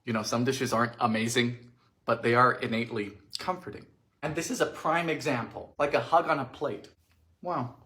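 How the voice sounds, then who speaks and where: A man hosting a comedic cooking show, narrating in a theatrical, sardonic way with sudden jumps in pitch and loudness, in a home kitchen. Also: steady tone, normal speed. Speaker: host of a vintage cooking show.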